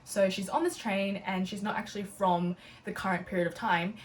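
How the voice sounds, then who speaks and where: A woman's voice: mid-range voice, fairly even intonation, fairly quick. A young woman chatting casually and bubbly about her new books, with lots of "like" as she talks. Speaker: book vlogger. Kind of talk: casual book haul chat. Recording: a little distant from the mic, faint room noise.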